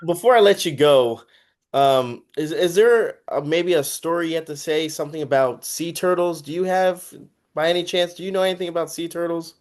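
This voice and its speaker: A man's voice: a little high, normal speed. A man hosting a casual interview, enthusiastic and full of praise. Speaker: interview host.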